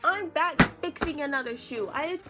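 Loud music plays behind this young woman's high-pitched voice as she speaks at a moderate pace. She's a vlogger chatting in her bedroom on her phone camera, rambling, talkative and self-mocking.

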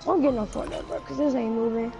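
A woman's voice: on the high side, fairly even intonation, gravelly. A woman joking around while friends play a video game, teasing and playful. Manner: teasing, playful, rapid bursts. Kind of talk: casual gameplay chat. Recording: music playing behind.

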